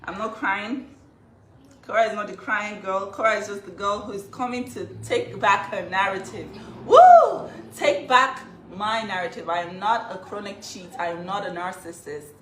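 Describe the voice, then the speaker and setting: A woman's voice: mid-range voice, steady tone, moderate pace, a bit bright. A woman telling her own side of a story, emotional and fighting back tears. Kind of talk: emotional vlog statement. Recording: echoey room, faint noise.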